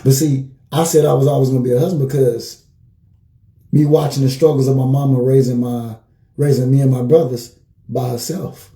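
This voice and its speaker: On a motivational livestream, a male life coach tells energetic stories and repeats his phrases to drive points home. He speaks at a medium pitch and normal speed. The sound is reverberant.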